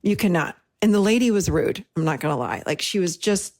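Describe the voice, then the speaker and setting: A middle-aged woman hosting a talk, telling a personal story in an animated way and acting out the dialogue. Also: lowish voice, a little fast. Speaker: host and therapist-style teacher.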